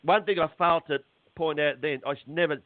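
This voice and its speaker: Middle-aged man, phone-in guest, fairly high voice, halting and agitated, dry tinny line. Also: no echo. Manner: agitated, halting, repeats words. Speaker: interview guest. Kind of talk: phone interview.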